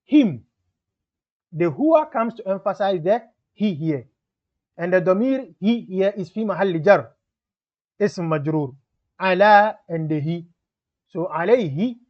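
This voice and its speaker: High-voiced man explaining grammar patiently. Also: expressive, measured pace, long pauses, highs cut off. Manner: explains step by step, repeats and rephrases examples; switches between English and Arabic grammar terms. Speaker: Arabic grammar teacher. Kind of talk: explanatory lesson.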